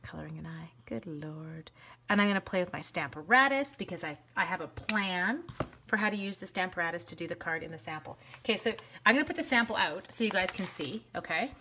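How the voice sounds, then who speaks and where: A woman hosting a live craft stream, chatting to viewers as she colors, quick to gush and laugh. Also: on the low side, a little hiss or hum. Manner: chatty, excitable, talks to viewers while coloring.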